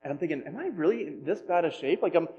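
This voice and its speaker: A fairly high-voiced man preaches from the pulpit, telling a personal story with self-deprecating humor and lively retelling. The sound is a little dull, with a faint hum underneath. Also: fast talker. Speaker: pastor.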